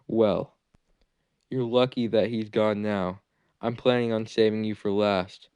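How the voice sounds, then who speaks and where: A man's voice: lowish voice, steady tone, a little slow, darkish tone, smooth, no echo, natural voice. A man doing a gloating traitor ninja teacher. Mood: taunting. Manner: taunting, gloating. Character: scheming treacherous male ninja teacher, mocking.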